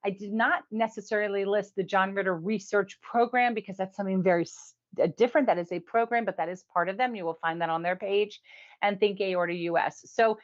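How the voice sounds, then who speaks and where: A woman hosts a casual weekly review, talking in a chatty way with quick asides and frequent laughs. Her pitch sits in the middle range. The recording sounds dull and lo-fi. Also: steady tone. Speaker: host.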